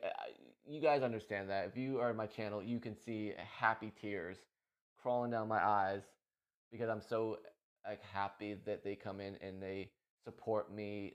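A man talking about his day as a streamer in a casual, emotional, rambling monologue full of restarts. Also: on the low side. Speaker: streamer and podcast host.

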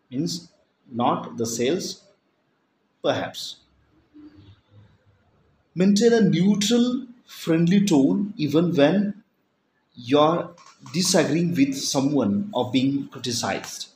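A man giving a recorded lesson, speaking in slow, deliberate phrases with pauses between them. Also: a little high, lively intonation, a little mellow, a little hiss or hum. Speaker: teacher. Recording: echoey room with faint ambience.

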